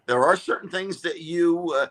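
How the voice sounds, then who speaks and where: Bright-voiced animated male comedian. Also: a little high, moderate pace. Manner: animated storyteller, many fillers and restarts. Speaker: comedian and radio show regular, guest. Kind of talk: casual interview chat.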